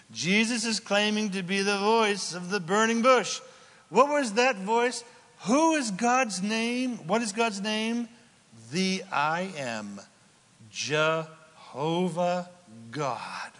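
A man preaches in a big church sanctuary, his high voice swinging widely in pitch as he fires questions at the congregation. The words come at an unhurried pace and ring out with a long hall reverb. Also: a bit bright. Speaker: pastor. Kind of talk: sermon.

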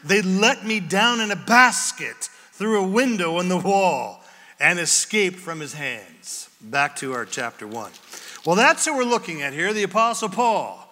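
A man's voice: high voice, big pitch swings, unhurried, pushed and bright, in a large hall. A man preaching a sermon as pastor, in a conversational way with wry humor.

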